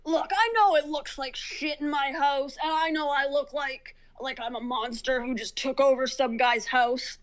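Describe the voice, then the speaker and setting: A woman's voice: high voice, steady tone, normal speed, hardly any pauses, lightly acted. A woman doing a weary cursed cat-creature homeowner. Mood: defensive. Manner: sighing, guarded, apologetic. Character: weary male Ettercat, gruff cursed homeowner.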